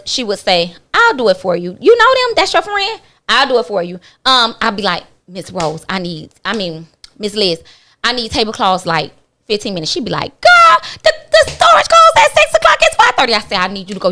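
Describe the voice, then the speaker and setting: A woman guest on a talk radio show tells a personal story candidly, acting out other people's lines as she goes. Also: on the high side. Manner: animated, acts out other people's lines in her retelling; blunt and candid, with casual swearing.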